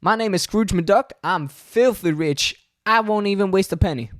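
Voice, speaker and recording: A boastful old duck with a fortune, as a man acts him out brags slowly and loudly. His voice is pitched high above the performer's own, and the dry recording has no room sound. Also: no echo. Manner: loud, slow, proud boasting.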